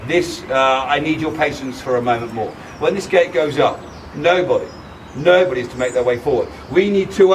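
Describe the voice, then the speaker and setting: A man performs a comic costumed show at a castle gate, teasing the audience and leading shouted battle cries. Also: fairly high pitch. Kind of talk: live comic crowd-work show. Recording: distant handheld recording with loud wind. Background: crowd of visitors and wind noise.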